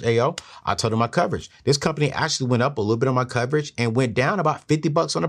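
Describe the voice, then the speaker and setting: A middle-aged man talks straight to his listeners with earnest, preachy urgency. His voice sits at an ordinary middle pitch and climbs higher when he hammers a point home. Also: racing, hardly any pauses. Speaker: show host giving money advice. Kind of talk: motivational talk to camera.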